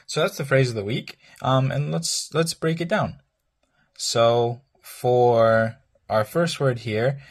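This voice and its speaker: Man, language teacher, slow and halting, husky low voice, breaks words down patiently. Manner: hesitant, many ums and restarts, repeats phrases slowly. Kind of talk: explaining a language lesson.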